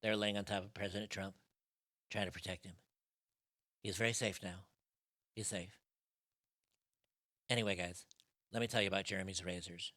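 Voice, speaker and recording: A man's voice: low-pitched, steady tone, normal speed, pauses often, sharp tone. A man hosting a live stream with casual political commentary, blunt, profane and mocking.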